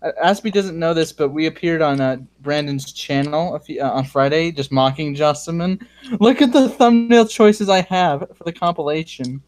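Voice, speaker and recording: A man's voice: on the high side, normal speed, a little mellow. A man in a casual group voice chat, mocking and laughing, swearing heavily.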